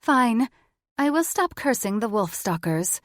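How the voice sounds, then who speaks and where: A sultry female djinn, as a woman puts her on, with a haughty, high and bright tone. She drives a hard bargain in a slow, unhurried voice, recorded dry and close for an audiobook. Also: very animated, dry recording.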